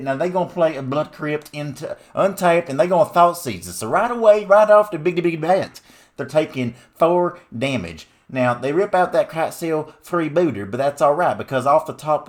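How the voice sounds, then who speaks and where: Guy doing a loud hollering southern good ol boy, drawl cranked way up, pitched higher than his normal voice, folksy and rowdy. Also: close to an everyday voice. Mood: rowdy excited. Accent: American Southern (put on). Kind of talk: exaggerated character voice during game commentary.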